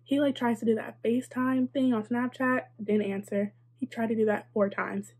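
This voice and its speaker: A woman's voice: a little high, steady tone, normal speed, a little mellow. A young adult woman telling a casual storytime, chatty and sarcastic, with lots of "like" and wry asides. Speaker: vlogger.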